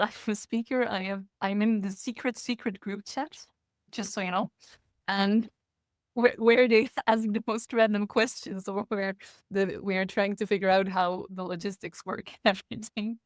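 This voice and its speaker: A woman's voice: medium pitch, fairly even intonation, normal speed, no room sound, clean studio sound. A woman co-hosting a podcast in casual chat, chatty and laughing often as she talks. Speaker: podcast co-host.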